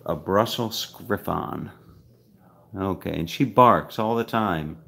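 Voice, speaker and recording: A man casually vlogging as he walks through a house, rambling with frequent halting pauses. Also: sits low, creaky, pushed and bright. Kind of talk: casual walk-through vlog. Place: indoors in a house.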